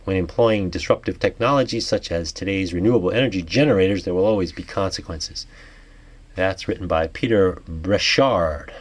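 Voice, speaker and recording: A man with a New York accent reads a news article aloud, then muses about it in a halting way, full of restarts and fillers. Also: low-pitched. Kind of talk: reading articles and musing aloud.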